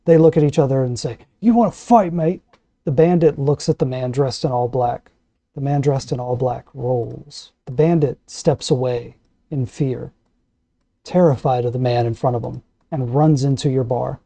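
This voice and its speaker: Game master with a very dark voice. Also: male voice, mid-range voice, steady tone, moderate pace, gravelly, no echo. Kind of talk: narrating a tabletop game.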